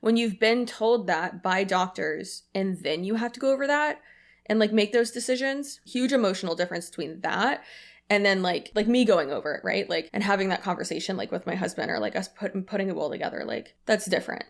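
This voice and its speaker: A young woman talks through a casual commentary video in an average pitch. Her speech is loose and chatty, packed with fillers. She sounds openly emotional. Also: expressive, a little fast, gravelly. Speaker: commentary YouTuber.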